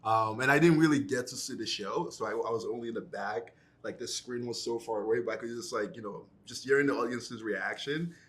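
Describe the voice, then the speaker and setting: A young man of middle pitch who tells his story in an animated, rambling way. He is a fashion show organizer speaking in a casual interview, with plenty of "um" and "you know". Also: brisk, hardly any pauses. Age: young adult. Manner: animated storyteller, many fillers. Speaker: reality series cast member, fashion show organizer.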